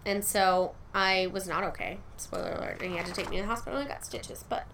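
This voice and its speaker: A woman co-hosting a podcast in casual chat, playful and quick with jokes. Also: medium pitch, fairly bright tone, a little hiss or hum. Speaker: podcast co-host.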